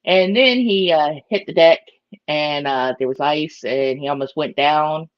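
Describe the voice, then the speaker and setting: A woman's voice: sits low, unhurried, no room sound, muffled recording. A chatty woman hosts a casual morning live stream and greets her viewers by name. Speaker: aquarium live-stream host.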